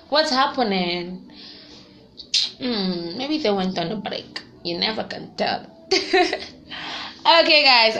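A young woman chatting casually to her viewers, lively and quick to laugh. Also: fairly high pitch, a little hiss or hum. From Nigeria. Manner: chatty and animated, laughs often, sings snatches of songs. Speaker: vlogger. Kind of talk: casual vlog chat.

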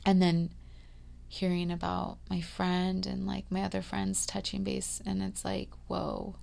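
A woman in her thirties hosting a podcast, talking through a rambling, confiding personal monologue full of fillers, dropping to a hush and then rising loud. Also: mid-range voice, monotone, a little slow, gravelly. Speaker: podcast host.

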